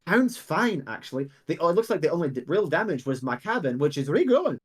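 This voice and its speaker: A man's voice: a little high, big pitch swings, fast, husky. A man voicing an elderly female earth genasi apothecary, rambling and hesitant with many fillers. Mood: chattering.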